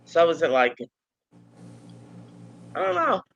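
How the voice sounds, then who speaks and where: A woman's voice: deep voice, wildly swooping pitch, slow, muffled recording, faint music behind. A woman from West Virginia with a Southern Appalachian accent, chatting casually on a live stream, rambling and hesitant.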